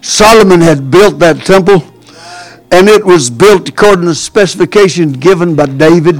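A man preaching a fervent sermon as pastor, folksy and drawling, building up to shouts. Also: high voice, moderate pace, low-quality recording.

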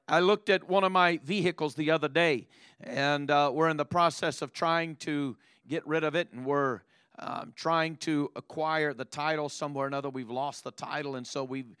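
A man preaches a sermon in a somewhat high, smooth and resonant voice. He stacks up repetitions and restarts, dropping in "amen" and "praise the Lord" between points. The recording is dry and close, with little room sound. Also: fairly bright tone, dry recording. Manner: repeats words and punctuates with "amen" and "praise the Lord"; frequent restarts and filler "uh".

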